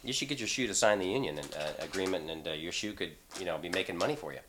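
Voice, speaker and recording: A middle-aged man who works as a voice actor chats playfully in a casual interview, joking around and breaking into laughs. His voice sits low and moves at a quick pace, with background noise behind it.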